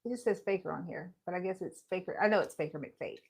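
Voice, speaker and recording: A woman's voice: fairly low pitch, quick pace, creaky, slightly rough. A woman hosting a casual embroidery livestream from home, chatty and joking, laughing often and greeting viewers by name. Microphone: live-streaming setup.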